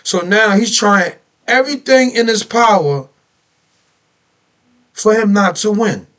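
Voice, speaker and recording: High-voiced man ranting in a reaction video. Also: slow pace. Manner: animated, ranting, repeats himself, rhetorical questions. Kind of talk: heated political reaction commentary.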